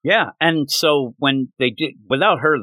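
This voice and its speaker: A man hosting a podcast, retelling and discussing a manga chapter in a casual, animated way. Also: on the high side, no echo. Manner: animated retelling, quick to act out characters. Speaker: podcast host.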